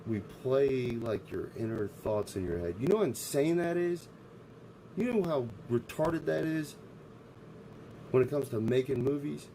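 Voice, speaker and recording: A man's voice: mid-range voice, mellow, slight background noise, low-quality recording. A man streaming live, ranting in a profane, abrasive way. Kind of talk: casual livestream rant.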